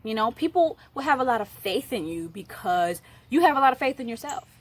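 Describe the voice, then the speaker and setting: A woman's voice: a little high, big pitch swings, fairly quick. A young woman giving a casual, chatty astrology talk, playful and full of fillers. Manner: chatty and playful, many fillers, slips into acted voices. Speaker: astrology youtuber.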